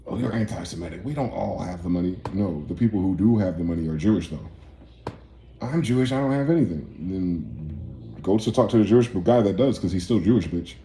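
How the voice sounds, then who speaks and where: A man's voice: low-pitched, lively intonation, fairly quick, dark tone, roomy sound, a little hiss or hum. A man from New Jersey hosting a livestream, rambling, profane and ranting as he reads out chat comments. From East Orange, New Jersey. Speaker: livestream host.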